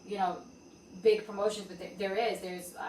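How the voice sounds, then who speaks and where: Female podcast host, casual and lively, swears a lot, roomy room echo, distant mic. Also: mid-range voice, moderate pace. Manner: lively storyteller, swears freely. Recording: roomy and distant with faint background noise.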